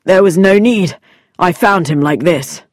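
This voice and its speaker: A woman voicing a stern, brooding man who is quick to anger in a read-aloud story, speaking low and gruff with a threatening edge. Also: no echo, studio quality. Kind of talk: storybook character voice.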